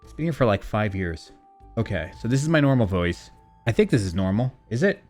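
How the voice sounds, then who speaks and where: A man's voice: on the low side, big pitch swings, fairly quick, darkish tone, soft background music. A young man streaming, chatting casually in a rambling, profane, self-mocking way while fiddling with his mixer. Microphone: desk mic through a streaming mixer.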